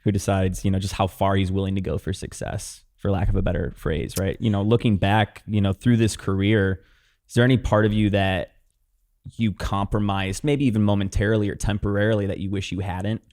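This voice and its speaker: A male podcast host with a slightly low voice asks slow, measured questions. He leans on fillers like "you know" as he frames each one. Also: flat delivery, darkish tone. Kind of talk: interview questions.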